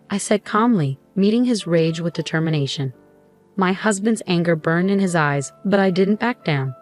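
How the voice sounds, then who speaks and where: Low-voiced woman narrating a story. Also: lively intonation, normal speed, soft background music. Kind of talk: scripted first-person story narration.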